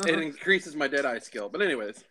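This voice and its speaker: A man's voice: a little high, brisk. A man co-hosting a casual podcast, telling a game story and acting out the characters' lines. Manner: animated, acts out characters' lines in raised voices. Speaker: podcast co-host.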